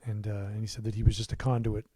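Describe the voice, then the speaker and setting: A man's voice: fairly low pitch, level tone, fast talker, husky, no room sound. Man chatting loosely on a studio livestream. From United States. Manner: rambling, warm asides, many fillers and restarts. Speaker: musician hosting his own livestream. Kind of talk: casual livestream chat. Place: his home recording studio.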